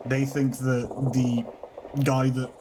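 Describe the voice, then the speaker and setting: A man in the game master's seat talks his players through a story recap in a loose, rambling way, often backing up to fix what he just said. His voice sits at an ordinary middle pitch. He comes through a headset over voice chat, with clear noise under the sound. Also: completely flat delivery, slow pace. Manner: rambling, self-correcting explanation. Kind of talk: out-of-character mission recap.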